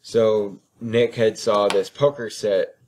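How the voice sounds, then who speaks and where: A man's voice: lowish voice, steady tone, takes it slowly, a little mellow, a little hiss or hum. A man co-hosting a casual podcast, recounting a shopping trip in a laid-back, matter-of-fact way. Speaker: podcast co-host. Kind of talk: casual chat.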